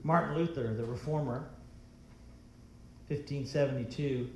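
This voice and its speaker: A man's voice: medium pitch, measured pace, slight background noise. Emphatic preaching man, echoey room. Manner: emphatic preaching with rhetorical questions. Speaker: pastor. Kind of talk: sermon.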